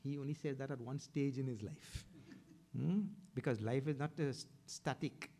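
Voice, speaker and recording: A middle-aged man with an Indian accent delivers a spiritual discourse as a swami. He tells stories and acts out the people in them, jumping up in pitch for their lines. His talk moves between soft reflection and animated retelling. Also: normal speed. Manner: storytelling, acts out other people's voices with big pitch jumps. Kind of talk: sermon.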